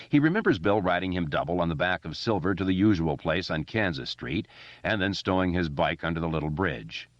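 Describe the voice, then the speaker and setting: Deep-voiced man narrating an audiobook. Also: no echo, highs cut off. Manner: expressive reading with character voices. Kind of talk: scripted narration.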